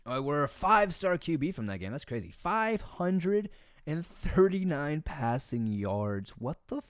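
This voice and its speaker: A man's voice: on the high side, big pitch swings, measured pace, smooth, no room sound. A young man with a Southern American accent, streaming a football video game and rambling through casual, profane, jokey commentary at his desk mic. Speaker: gaming streamer.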